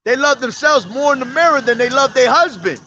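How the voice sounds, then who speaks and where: A man's voice: very high-pitched, expressive, brisk, sharp tone, muffled recording, slight background noise. A man preaching on the street in a blunt, profane, confrontational way.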